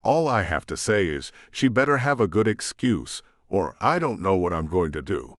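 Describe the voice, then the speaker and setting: A man narrating a romance audiobook in the first person, with an expressive reading. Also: deep voice, moderate pace, no room sound, studio quality.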